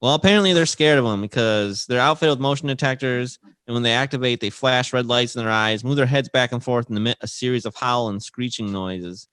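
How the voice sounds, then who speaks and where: A man's voice: medium pitch, fairly quick, hardly any pauses, a bit bright, smooth, no room sound. Male co-host, giggly news segment, dry close sound, casual banter. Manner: giggly, laughs through his own lines. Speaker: podcast co-host reading news stories.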